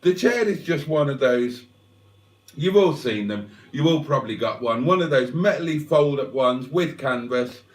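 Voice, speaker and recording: A man hosting a livestream, chatting to viewers in a rambling, wry, self-mocking way and clearing his throat often. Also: medium pitch, lively intonation, moderate pace. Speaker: livestream host. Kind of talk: rambling casual chat to viewers. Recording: roomy sound, mic at a distance.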